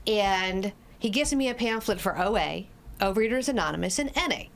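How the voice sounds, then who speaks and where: A woman in her forties, an addiction specialist, telling her story as a podcast guest in a blunt, lively way and swearing freely. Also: mid-range voice, a little fast, creaky. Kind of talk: candid conversational storytelling.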